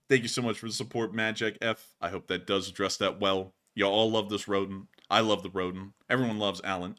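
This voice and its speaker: A man hosting a casual livestream, thanking donors, with an animated, jokey manner. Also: fairly low pitch, fast, few pauses. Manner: animated, bursts into loud goofy shouts and laughs. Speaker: livestream host. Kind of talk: casual livestream chat reading donations.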